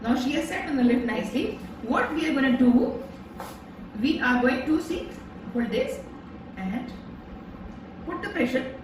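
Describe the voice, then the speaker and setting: A woman's voice: high voice, big pitch swings, measured pace, long pauses. A woman patiently teaching her young daughter a home science activity, repeating steps and checking with a rising "okay?". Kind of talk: home science lesson for a toddler. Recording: echoey room, distant mic, background noise.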